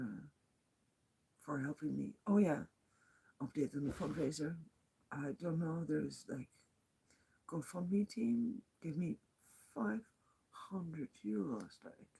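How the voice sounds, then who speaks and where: Husky, gravelly woman talking to camera. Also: deep voice, dark tone. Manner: rambling, heartfelt, with many fillers and restarts. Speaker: walking pilgrim vlogger. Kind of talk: casual video diary.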